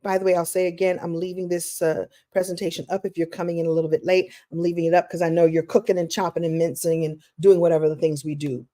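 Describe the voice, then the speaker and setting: Mellow-voiced animated woman motivational host. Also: fairly low pitch, quick pace, hardly any pauses. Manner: animated, playful, breaks into exclamations and acted quotes; conversational, with restarts and laughs. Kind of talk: live-streamed motivational talk.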